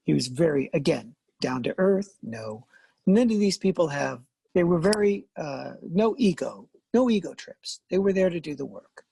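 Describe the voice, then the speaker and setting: An older man with a gravelly, husky voice tells lively stories in a relaxed interview. He laughs often and slips into the voices of the people he quotes. The sound is dry and close. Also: fairly high pitch, normal speed, dry recording. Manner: animated, laughing, acts out quoted lines. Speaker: guest, veteran actor and voice artist. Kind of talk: casual interview storytelling.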